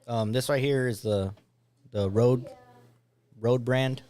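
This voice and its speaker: A man's voice: medium pitch, fairly even intonation, slow pace, warm tone, smooth. A man co-hosting a casual talk show, laid-back and rambling, often laughing. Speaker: podcast co-host. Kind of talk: casual chat.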